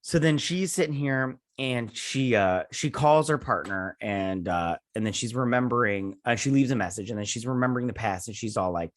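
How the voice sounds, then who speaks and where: A young man hosting a review channel, retelling a TV episode in an excited, rambling way full of "he's like". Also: mid-range voice, moderate pace, hardly any pauses, dry recording, studio quality. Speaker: host and TV reviewer. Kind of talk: casual episode recap.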